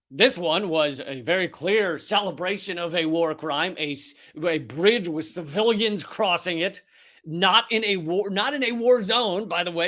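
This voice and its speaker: Profane, high-voiced man ranting. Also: sharp tone. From United States. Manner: profane, sarcastic, heated. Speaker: comedy news show host. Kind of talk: ranting satirical commentary.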